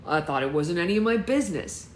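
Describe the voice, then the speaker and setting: Lady reading a teasing teen boy, dry and offhand, lowish voice, echoey room with faint hiss. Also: animated, quick pace, lightly acted.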